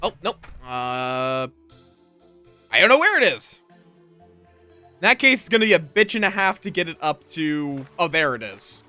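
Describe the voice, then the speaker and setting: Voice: mid-range voice, sing-song, moderate pace, pauses often, pushed and bright, soft background music. A streamer chatting casually through a live game session, rambling, swearing freely and at times drifting into a mock accent. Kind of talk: live gameplay commentary.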